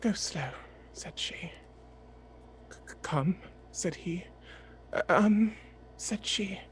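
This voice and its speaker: A player in a soft ASMR tabletop game, reading a poem slowly and expressively and whispering some of the lines. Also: mid-range voice, slight background noise.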